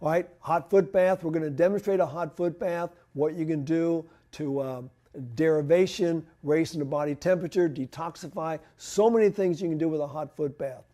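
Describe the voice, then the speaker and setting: A man's slightly high, dark-toned voice moves at normal speed as he, a health presenter, gives a conversational talk on home remedies in a church hall. He poses questions and then answers them himself.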